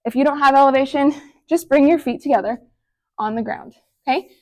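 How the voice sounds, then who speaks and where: A young woman with a slightly high voice coaching a home workout. She is out of breath and puffs between cues. She counts down sets and cheers the listener on. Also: fairly quick. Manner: encouraging, counting down reps between short breathy exhales. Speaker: fitness instructor. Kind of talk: follow-along workout instruction.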